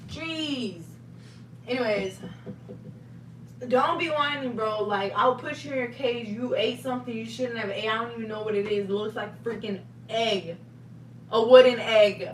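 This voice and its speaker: A young woman, livestreaming from her home kitchen, loud and animated, swearing as she rambles. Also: on the high side, a little slow, slight background noise. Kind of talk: casual live stream chat.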